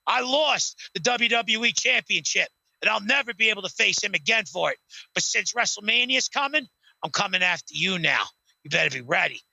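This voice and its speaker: A man's voice: high voice, lively intonation, fairly quick, vocal fry, bright, forceful tone, no room sound, exaggerated voice, rough recording. A man voicing a defiant male wrestler who vows revenge on a rival. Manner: stern, challenging.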